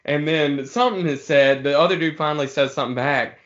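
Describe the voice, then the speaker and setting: A man's voice: fairly high pitch, a bit bright, dull audio. A man telling a rambling story to friends in a casual, swearing way. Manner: laid-back, swearing, drawn-out pauses.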